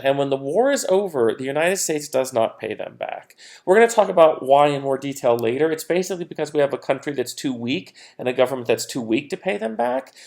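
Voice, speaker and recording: A man lecturing on history in a relaxed, chatty way. His voice sits a little higher than most men's. He fills pauses with fillers and now and then drops into playful quoted voices. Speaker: history teacher. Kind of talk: recorded classroom lecture.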